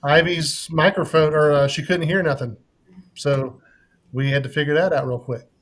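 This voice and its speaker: A man's voice: on the high side, steady tone, normal speed, a bit bright. A man hosting a live stream, chatting casually and joking with frequent laughs.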